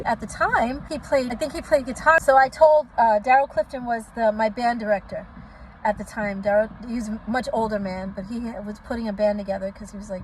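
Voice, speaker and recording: A woman's voice: fairly high pitch, steady tone, fairly quick, a little hiss or hum, poor audio. A middle-aged woman from Oakland, a singer, speaking to her viewers in a candid, indignant commentary vlog. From Oakland, California, USA. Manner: indignant and direct, addresses viewers as y'all. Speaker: singer and vlogger.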